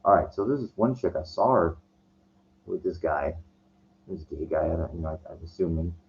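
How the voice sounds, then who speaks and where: A low-voiced man rants through a story, swearing often and tripping over his own restarts. His voice comes through a dull, lo-fi recording. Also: normal speed, darkish tone, slight background noise. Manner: profane, agitated, stumbling restarts. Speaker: vlogger. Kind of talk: casual storytelling rant.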